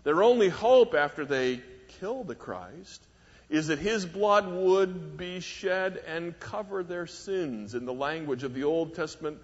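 A man with a husky, slightly high voice preaches a measured, emphatic sermon. His words ring out with a long hall reverb on a dull, lo-fi recording. He swings between soft, low phrases and sharp, raised ones. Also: animated. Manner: measured, emphatic, with wide swings in pitch and volume.

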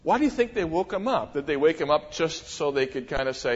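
A middle-aged man preaching a sermon as a pastor, talking in an animated way with many rhetorical questions and sudden emphasis. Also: fairly high pitch, a little fast, few pauses, slight background noise. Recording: dull, echoey church hall.

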